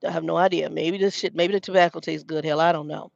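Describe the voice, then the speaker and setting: Gravelly woman rambling through a storytime. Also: sits low, steady tone, fast, dry recording, highs cut off. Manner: rambling, profane, many restarts. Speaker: vlogger. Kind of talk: casual storytime monologue. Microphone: self-filmed camera.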